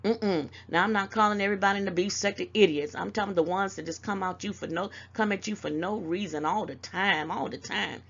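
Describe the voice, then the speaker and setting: She's an older Southern US woman on YouTube, lecturing viewers to camera in a motherly, scolding way and calling them "baby." Her medium-pitched voice is brisk and fairly bright with hardly any pauses, though the recording loses its highs.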